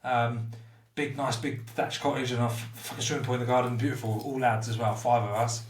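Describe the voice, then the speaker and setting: A man's voice: mid-range voice, flat delivery, brisk, a little hiss or hum. A man guesting on a podcast, telling his story bluntly and candidly, swearing freely and mocking himself. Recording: roomy, slightly distant mic.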